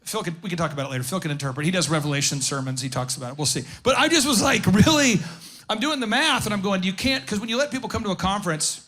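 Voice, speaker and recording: A man speaking on stage at a business conference, riffing with jokes and quick questions to the audience. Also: high voice, a bit bright. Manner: fast, jokey, riffing asides and audience questions. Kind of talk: energetic live seminar talk.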